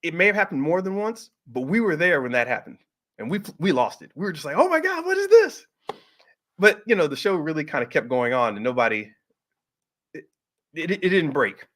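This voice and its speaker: A middle-aged man telling a personal story in a casual, animated way, jumping up in pitch when he acts out what people said. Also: brisk. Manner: animated, acts out quoted voices with pitch jumps. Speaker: host.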